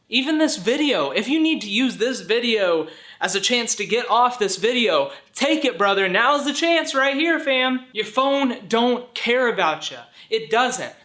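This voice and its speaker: A man with a high-pitched, bright voice delivers a faith-based motivational vlog. He is earnest and preachy yet playful, slipping into jokey voices to make his point. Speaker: vlogger.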